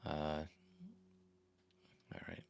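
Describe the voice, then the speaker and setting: This American host has an extremely low voice with vocal fry, speaking very slowly yet very animatedly, with slight background noise. On his casual livestream he rambles into a desk microphone, reading viewer comments and asking the audience questions.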